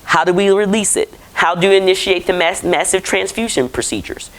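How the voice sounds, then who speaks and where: A woman's voice: medium pitch, a little fast, poor audio. A woman physician giving a conversational conference lecture and putting questions to the audience. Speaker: physician presenting to clinicians.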